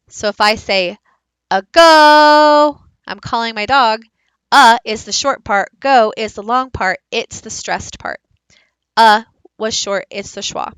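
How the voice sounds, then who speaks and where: Bright, clear-voiced woman teaching. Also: medium pitch, no room sound, poor audio. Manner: explains slowly, modelling sounds aloud. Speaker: teacher leading a book study. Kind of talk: recorded teaching presentation.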